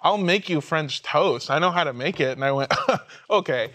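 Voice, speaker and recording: Animated man telling stories. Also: on the high side, normal speed. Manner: animated storytelling, swearing. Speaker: podcast co-host. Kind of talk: casual chat.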